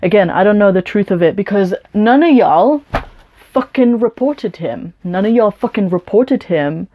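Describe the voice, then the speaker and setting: A woman's voice: mid-range voice, expressive, normal speed, highs cut off. Blunt, profane young woman ranting. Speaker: vlogger. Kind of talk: storytime rant to camera.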